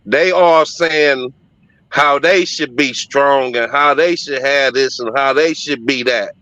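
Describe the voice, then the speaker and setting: Emphatic, bright-voiced man telling stories. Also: mid-range voice, no echo, dull audio. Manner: emphatic, profane, heartfelt. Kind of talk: personal storytelling.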